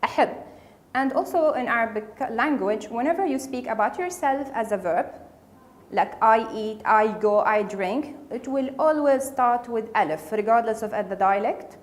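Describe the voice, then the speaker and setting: A woman's voice: fairly high pitch, moderate pace. A woman teaching a casual spoken language lesson, patiently repeating each word for learners. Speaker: Arabic dialect teacher.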